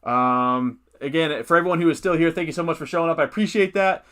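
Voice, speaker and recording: Man, slightly high voice, casual livestream host, thinking aloud, lots of ums. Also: fast talker, pushed and bright. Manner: thinks aloud, reads viewer comments, many fillers. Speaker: fantasy football livestream host.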